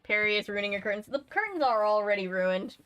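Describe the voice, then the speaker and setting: A woman reads a storybook aloud in a casual, easygoing way, slipping into chatty asides between passages. Her voice sounds bright and clear. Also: medium pitch, expressive, fast talker, highs cut off. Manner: reads steadily, then drifts into chatty asides. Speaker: channel host reading a book aloud. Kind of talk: casual read-aloud livestream.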